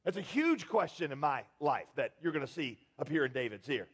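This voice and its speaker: A man with a high voice preaching a sermon to his congregation. He talks in a loose, conversational way, with lots of fillers and questions put to the crowd. His voice rings out with the long reverb of a large church hall. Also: sing-song, a little fast, slightly rough. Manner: conversational, asks the audience questions, frequent fillers. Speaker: pastor.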